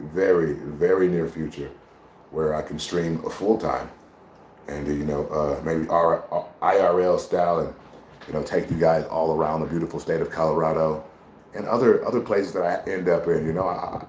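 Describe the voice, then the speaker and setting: A man's voice: deep voice, steady tone, moderate pace, darkish tone, slight background noise. A man chatting casually on a live stream, brash, profane and rambling as he talks to his viewers. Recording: roomy echo.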